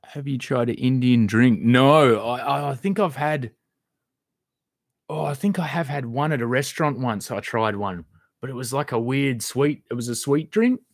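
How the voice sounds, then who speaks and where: A man's voice: medium pitch, moderate pace, no room sound, studio quality. A man hosting a live stream, answering viewer comments in a loose, rambling chat and swearing now and then. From Australia.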